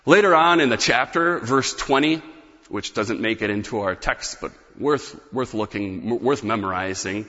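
A man's voice: mid-range voice, normal speed, sharp tone, big-room sound, lo-fi sound. A man preaching a sermon in an earnest, emphatic way, leaning hard on key words. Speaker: pastor.

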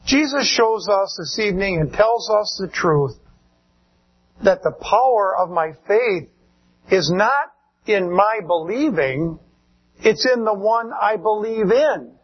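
A male pastor preaching a sermon in a slow, measured way, drawing out words for emphasis. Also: sits high, lively intonation, slightly rough, highs cut off.

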